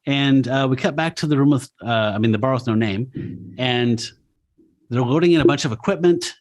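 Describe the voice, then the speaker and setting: A man in his forties co-hosts a casual podcast chat about comics. He talks at an even, middling pitch, swears freely and laughs easily as he recaps. He often jumps into little impressions of the characters he describes. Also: moderate pace. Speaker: podcast co-host.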